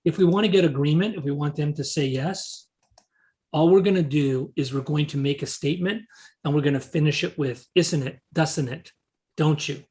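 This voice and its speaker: A man's voice: a little high, fairly quick, warm tone. A man teaching a live real estate seminar, often repeating short words as he quotes example dialogue to the audience. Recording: meeting talk to an audience.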